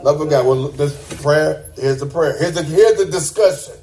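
A man's voice: a little high, moderate pace, hardly any pauses, dark tone. A man preaching a sermon to a congregation in a church, emphatic and repeating words for stress.

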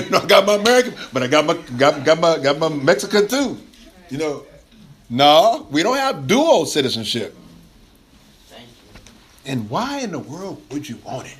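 A man's voice: fairly high pitch, moderate pace, pauses often. A male pastor preaching a sermon in a loose, conversational way. He laughs often and keeps restarting his phrases. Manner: animated, laughing colloquial preaching with many restarts.

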